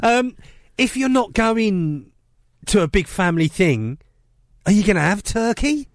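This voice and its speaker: High-ish bloke on morning radio, rambly, lively voice, always "you know what i mean". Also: male voice, unhurried. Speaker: radio breakfast show host. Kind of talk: jokey breakfast radio banter. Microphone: studio microphone.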